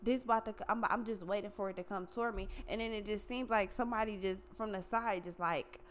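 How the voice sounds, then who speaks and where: A woman's voice: medium pitch, steady tone, fast, a little hiss or hum. A woman giving a casual tarot reading in a blunt, profane, slangy way. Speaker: tarot reader.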